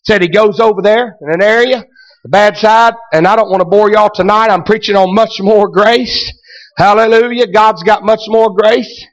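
A man's voice: high voice, steady tone, moderate pace. A man preaching a fervent sermon, breaking often into amens and hallelujahs. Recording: dull lo-fi recording.

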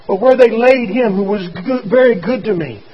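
A man voicing a frightened, dying orphan street boy who talks in plain, halting speech. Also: high voice, muffled recording, voice pushed up, natural voice. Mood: weak, pleading.

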